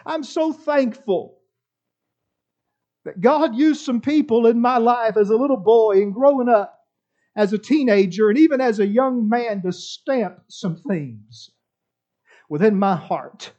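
A pastor preaching a fervent, emphatic sermon at an evening church service, with big swings between loud and soft. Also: male voice, very high-pitched, animated, unhurried. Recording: dull lo-fi sermon recording.

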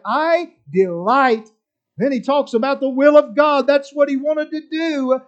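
A pastor preaching a fervent, emphatic sermon at an evening church service, with big swings between loud and soft. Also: male voice, sits high. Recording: dull lo-fi sermon recording.

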